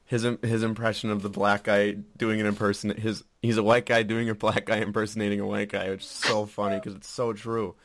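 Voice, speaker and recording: Low-voiced man in casual podcast chat. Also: little pitch movement, no echo, clean studio sound. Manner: laid-back, teasing, drops into quick impressions. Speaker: podcast co-host.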